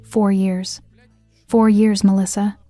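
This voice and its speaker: A woman reading the lines of a controlling, bitter ex-husband who speaks low and threatening. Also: flat delivery, slow pace, warm tone, no echo, soft background music, natural voice. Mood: menacing. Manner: low, tight, threatening delivery. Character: controlling bitter ex-husband, quietly menacing man.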